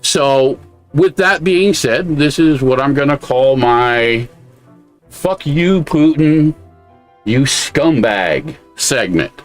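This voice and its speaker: A man's voice: medium pitch, lively intonation, takes it slowly, faint music behind. An American man co-hosting a podcast, giving blunt, casual commentary with a lot of swearing. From United States. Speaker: podcast co-host.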